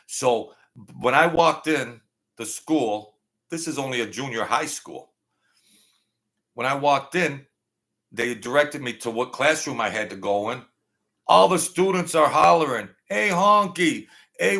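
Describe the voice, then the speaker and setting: Male live-show host, rambling storyteller, gravelly voice. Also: mid-range voice, a bit bright. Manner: rambling, repetitive, thanks viewers by name. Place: small home studio setup.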